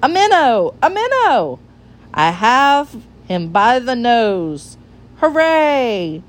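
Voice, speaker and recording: Fussy genteel frog gent, prim and easily vexed, animated delivery, woman voicing. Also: mid-range voice, measured pace. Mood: excited. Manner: prim, fussy, crossly exclaiming.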